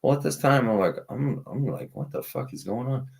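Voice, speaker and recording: A man's voice: mid-range voice, big pitch swings, a little fast, creaky, a little mellow. A man on a casual streamed talk show, telling a rambling story about his tow truck job, swearing and packing his talk with fillers. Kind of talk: casual podcast chat.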